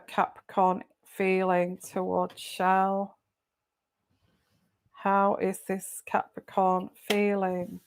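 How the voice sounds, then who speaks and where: Slow, chatty woman reading tarot live. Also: medium pitch, clear, resonant tone. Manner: chatty, greets viewers by name, repeats questions aloud. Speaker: tarot reader.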